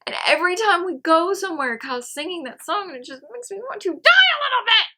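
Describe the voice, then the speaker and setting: High bright teasing female co-host. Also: big pitch swings, fast talker. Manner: teasing, giggly. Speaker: co-host of a movie review show. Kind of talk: casual review chat.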